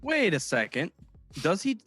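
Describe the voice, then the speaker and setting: A man co-hosting a casual comedy podcast, ranting in stop-start bursts and swearing as he goes. His slightly high voice swings widely in pitch. The recording is dry and close, with faint music behind him. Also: slightly rough, dry recording. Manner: animated, halting restarts, swears. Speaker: podcast co-host.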